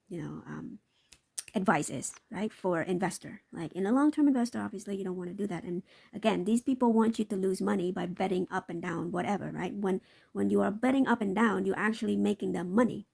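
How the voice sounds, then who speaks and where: This livestream host speaks at a medium pitch with a gravelly, slightly rough quality. Reviewing market clips, she rambles and repeats herself, tacking questions onto the ends of her remarks.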